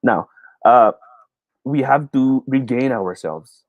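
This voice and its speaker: A man's voice: medium pitch, takes it slowly, no room sound, highs cut off. A man with a Filipino accent teaching a live online speech class, encouraging students and reading out their comments. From Philippines. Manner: encouraging, mixes English and Tagalog, reads viewer comments.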